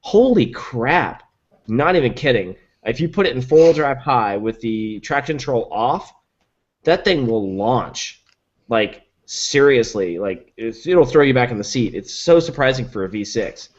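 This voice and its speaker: Speaking a little slowly with an expressive, medium-pitched voice, a man reviews gear as a podcast guest, and the highs are cut off. He's keen, reeling off specs amid frequent likes and ums.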